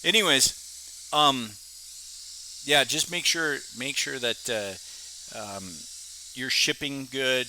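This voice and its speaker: A man's voice: on the high side, pushed and bright, slight background noise, poor audio. An American man, a glass artist, chatting in a folksy, easygoing way as he talks through his work in a home studio. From United States. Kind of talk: casual vlog talk while working.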